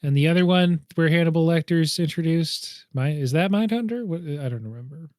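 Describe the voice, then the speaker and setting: A man's voice: on the high side, a little fast, a little mellow, no room sound, clean studio sound. A man co-hosting a movie podcast, chatting casually and hedging his guesses with self-deprecating laughs. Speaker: podcast co-host.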